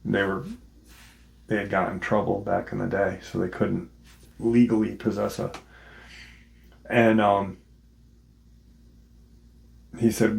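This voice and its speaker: A man's voice: lowish voice, little pitch movement, slow pace, vocal fry, long pauses. A man hosting a paranormal channel, retelling an encounter story in a casual, rambling way with frequent restarts. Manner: rambling, repeats himself, restarts sentences often.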